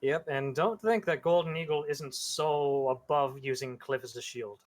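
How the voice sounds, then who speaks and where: A game master with a mid-range voice talking casually with the players. The delivery is dry and wry, with deadpan jokes tossed in. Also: medium pitch, moderate pace.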